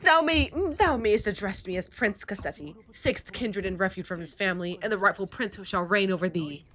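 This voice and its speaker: A woman's voice: mid-range voice, a little fast, pushed and bright, lightly acted. A woman voicing a pompous masked vampire prince who speaks in grand, archaic phrases while reading game dialogue on a stream. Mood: haughty. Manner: archaic, grandiose speech with thee and thou.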